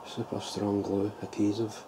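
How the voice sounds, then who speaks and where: A man's voice: lowish voice, monotone, unhurried. A man casually showing his homemade model trailer build, thinking aloud with loose restarts. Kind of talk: casual show-and-tell vlog. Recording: clear background ambience noise.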